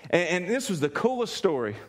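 A man preaching a sermon, telling a story in an animated way, often laughing and repeating words as he goes. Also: high voice, fairly quick. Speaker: pastor.

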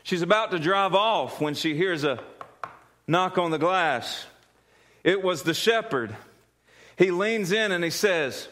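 A man preaching, his voice sitting a little high for a man. He talks in a folksy way, repeating himself and restarting phrases before building to earnest points. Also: lively intonation, takes it slowly, pauses often, a bit bright. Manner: folksy, repetitive restarts, tells a joke then turns earnest. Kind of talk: sermon.

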